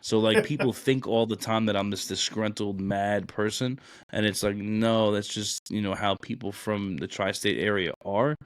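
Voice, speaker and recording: This podcast host from Brooklyn, New York, is a Marine recruiter who rambles bluntly through casual stories, leaning heavily on "like" and "you know." He speaks at a moderate pace with a lowish, smooth voice and fairly even intonation, in a dry, clean studio recording.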